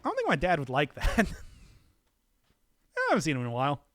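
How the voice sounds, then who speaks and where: A Midwestern man streaming a game, his voice sitting high and swooping all over as he rambles to chat. He laughs often and talks in a loose, animated way. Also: moderate pace, no room sound. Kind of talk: casual stream chat while playing.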